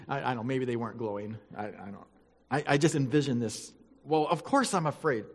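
A man's voice: mid-range voice, animated, a little fast. A man teaching a Bible lesson, reading scripture aloud and stopping to comment with playful asides. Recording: long hall reverb.

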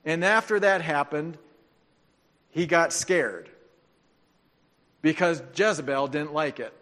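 A man preaching a sermon, telling the story in an animated way with joking asides. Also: fairly high pitch, takes it slowly. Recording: long hall reverb.

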